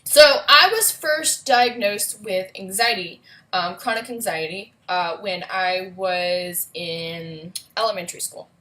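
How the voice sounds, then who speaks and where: A woman's voice: medium pitch, takes it slowly, sharp tone, low-quality recording. A woman vlogger with a young son, telling a personal story in a casual, rambling way with many fillers and asides. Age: adult with a young son.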